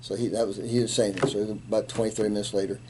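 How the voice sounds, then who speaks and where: A man in his seventies, a retired Army colonel, telling animated stories in an interview and acting out the quotes. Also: on the low side, rapid-fire, slight background noise. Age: 70s. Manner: animated anecdote teller, acts out quotes, laughs. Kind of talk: storytelling in an interview.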